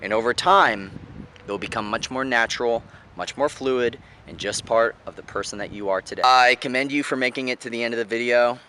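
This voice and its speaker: A male life coach talks straight to the camera in a motivational lesson. His voice is bright and forceful at a middle pitch. He breaks into acted-out examples to show each way of speaking. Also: brisk, slight background noise. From United States. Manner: demonstrates voice tones with exaggerated examples.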